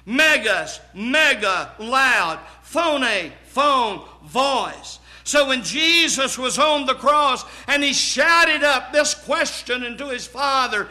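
A man preaching a dramatic sermon, slow and emphatic, his voice swelling into shouts on key words. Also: extremely high pitch, very animated. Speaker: pastor.

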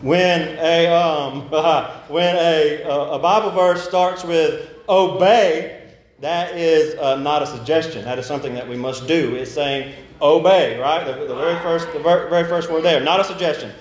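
Halting young preacher in an echoey church. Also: male voice, on the high side, steady tone, slight background noise. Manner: halting, many restarts and fillers; slow measured scripture reading. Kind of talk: sermon. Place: church sanctuary.

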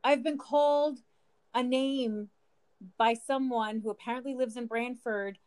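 A woman's voice: on the high side, steady tone, unhurried, a little mellow. Chatty woman podcast co-host. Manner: chatty, laughs often, retells encounters with quoted dialogue. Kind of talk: casual chat.

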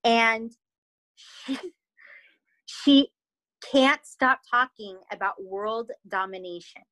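Blunt casual woman, slightly high voice. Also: takes it slowly, bright, forceful tone, no room sound, poor audio. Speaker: podcast co-host. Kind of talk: casual chat.

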